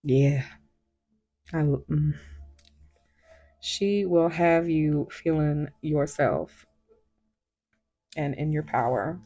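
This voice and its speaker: Female tarot reader, low and slow, husky and hoarse from illness, chatty, laughs a lot, whispers asides. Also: mellow. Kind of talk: casual tarot reading chat.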